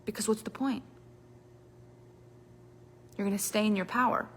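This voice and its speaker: A woman giving a motivational coaching talk, emphatic and repetitive, dropping to quiet asides and rising again. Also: mid-range voice, fairly even intonation, normal speed, a little hiss or hum. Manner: emphatic, repetitive, dramatic shifts in loudness. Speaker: business coach. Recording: long reverb of a hall.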